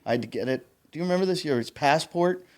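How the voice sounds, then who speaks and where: A man's voice: a little high, fast, a little mellow. A man hosting a casual comedy podcast, rambling through a drunken story and swearing a lot. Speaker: podcast host.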